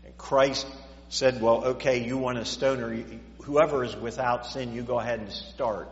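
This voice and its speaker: A man's voice: medium pitch, steady tone, moderate pace. A man preaching a sermon in a church, repeating words as he stammers and rising and falling in volume. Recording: echoey dull church hall recording.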